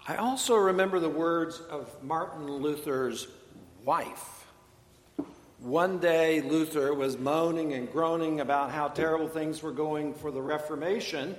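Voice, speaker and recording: A male pastor preaching a sermon in a deliberate, measured way, with touches of dry humor. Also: a little high. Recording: echoey hall, long reverb.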